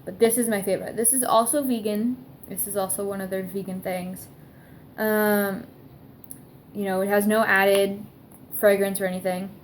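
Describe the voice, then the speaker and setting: A woman's voice: mid-range voice, fairly even intonation, normal speed, slight background noise. A young woman rambling casually through a product review, filling her talk with "like" and trailing restarts. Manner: chatty, heavy use of "like", rambling. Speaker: vlogger.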